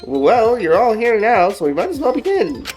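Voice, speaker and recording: A gleeful mascot announcer , put on by a game player, hams it up with a teasing, sing-song lilt. The voice sits a little higher than the player's own, and the background carries faint music. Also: very animated, moderate pace, a little mellow, natural voice.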